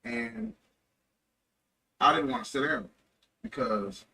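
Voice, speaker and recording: Gravelly young man telling stories. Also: fairly high pitch, big pitch swings, takes it slowly, bright, forceful tone. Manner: rambling, loose, self-correcting. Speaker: livestreamer. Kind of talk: casual storytelling. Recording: distant mic with faint ambient noise.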